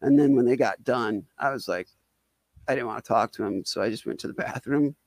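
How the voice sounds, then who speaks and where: A man tells a comedic story in a loose, rambling way, full of "like" and "uh" fillers. His voice sits at an ordinary middle pitch. The sound is dry and close, with little room in it. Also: fairly quick, gravelly, dry recording. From Wisconsin. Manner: rambling, heavy on "like" fillers, self-deprecating. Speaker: storyteller guest.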